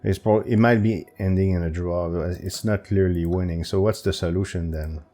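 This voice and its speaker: Here a man who creates chess videos mutters through puzzles for his channel, halting, restarting, and jumping in pitch as he talks to himself. Overall his tone is steady and dark, and he keeps a moderate pace.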